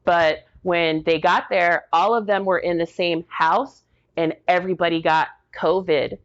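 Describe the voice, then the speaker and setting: Woman, 40s, veteran interview guest; lower voice, animated storyteller, muffled lo-fi sound. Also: unhurried. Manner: lively retelling, acts out quoted dialogue. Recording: dull lo-fi audio.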